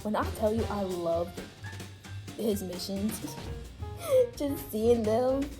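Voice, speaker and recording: A woman's voice: mid-range voice, wildly swooping pitch, slow pace, dark tone, faint music behind. A woman co-hosting a casual chat, rambling through a story and often breaking into laughter. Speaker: co-host. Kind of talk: casual chat, recapping a game.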